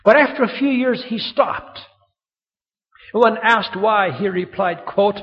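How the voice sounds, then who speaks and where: A man preaching a sermon, telling stories with lively acted-out quotes. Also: high-pitched, takes it slowly. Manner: animated storytelling, acting out quoted voices. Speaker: pastor. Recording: muffled sound in a reverberant hall.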